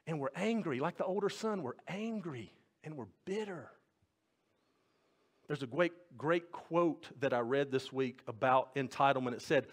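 A male pastor preaching a sermon, rising to stress points and dropping soft at the ends of phrases. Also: fairly high pitch, lively intonation, measured pace.

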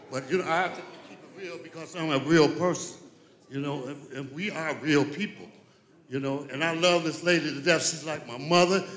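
A man's voice: sits high, fairly bright tone. A man giving a rambling, heartfelt eulogy at a funeral, repeating himself and apologizing as he goes. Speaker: family friend giving a eulogy. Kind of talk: emotional spoken tribute. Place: church. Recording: echoey church sanctuary.

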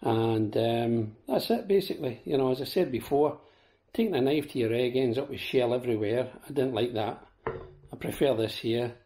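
A man's voice: medium pitch, normal speed, mellow. A Scottish man with a sore throat giving a casual, chatty product demo and talking to viewers as folks. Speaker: vlogger.

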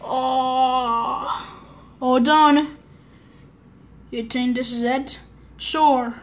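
A female speaker improvising a toy play-acting story in a halting, stammering way. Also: high-pitched, fairly even intonation.

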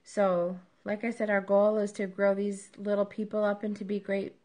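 A woman's voice: medium pitch, level tone, moderate pace, mellow. Woman host, 30s, casual parenting advice, conversational with lots of ums. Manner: conversational, many filler ums.

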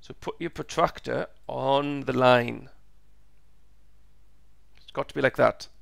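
A man teaching a step-by-step physics lesson, slow and patient, repeating each step, his voice croaky and going hoarse. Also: mid-range voice, steady tone, no echo, clean studio sound. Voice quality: gravelly, croaky.

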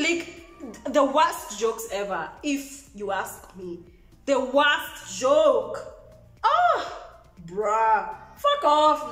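A woman telling a storytime vlog, animated and laughing as she talks. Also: high-pitched. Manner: animated, laughing, switching between English and Swahili. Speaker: vlogger. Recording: echoey room.

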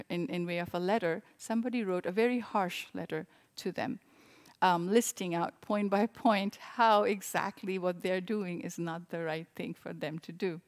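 Woman, mid-pitched, soft reflective sermon delivery, warm and unhurried. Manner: gentle, reflective, with frequent restarts. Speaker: service leader.

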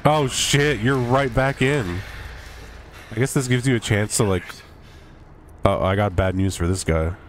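A man streaming a horror game, yelping, swearing and apologizing to his teammates, then musing calmly on the game. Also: fairly low pitch, unhurried, long pauses. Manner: calm, musing commentary. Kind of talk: live game commentary. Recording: faint background noise.

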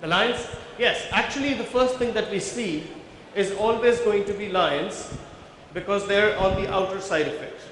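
A man's voice: high-pitched, normal speed, fairly bright tone. Man lecturing in an echoey hall. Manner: engaging, quizzes the audience, explains step by step. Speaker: visual merchandising trainer. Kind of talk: workshop lecture with audience questions. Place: large conference hall with a live audience. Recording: very echoey hall, faint background noise.

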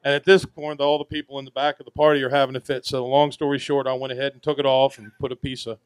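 A man, a charter boat captain telling folksy, animated stories to an audience and acting out the characters. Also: medium pitch, fast, clean tone, no room sound. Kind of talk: storytelling to an audience. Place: VFW hall event.

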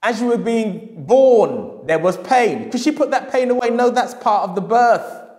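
A man's voice: very high-pitched, expressive, unhurried, a little mellow. A middle-aged male historian giving a public lecture, with emphatic repetition and acted quotes when he tells a story. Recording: echoey hall.

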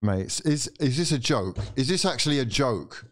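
A man hosting a live football watchalong, reacting with loud, swearing outbursts. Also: medium pitch, normal speed. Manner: excitable, swearing, shouting reactions.

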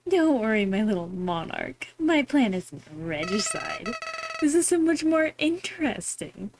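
A woman's voice: sits high, huge pitch swings, a little slow, slight background noise, pitched above the performer's own voice, full character voice. Sly scheming flower, read by a woman. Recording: game music behind voice.

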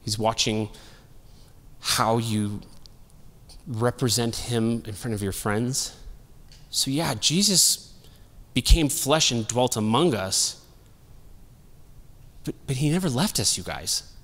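A man's voice: mid-range voice, slow pace, long pauses, fairly bright tone, in a large hall. A male pastor giving a sermon in a casual, humorous, storytelling way. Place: church sanctuary.

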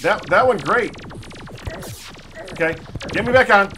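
A man commentates his own gameplay in a high, bright voice that leaps up and down as he panics. He stammers and repeats himself, then slides into dry sarcasm when things go badly. Faint game music sits behind him. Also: animated, a little slow. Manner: frantic, stammering, sarcastic under pressure. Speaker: gaming channel host.

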